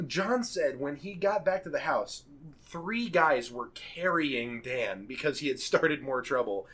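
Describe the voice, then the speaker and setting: Animated young man telling a story. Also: fairly high pitch, measured pace, husky. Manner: animated, laughing, swears freely, acts out the people he quotes. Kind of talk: casual podcast storytelling.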